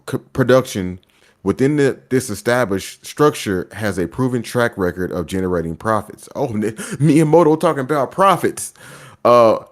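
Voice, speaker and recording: A man with a fairly low voice reads a news article aloud on a podcast. He keeps a steady, measured pace through the long quoted passage. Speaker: podcast co-host.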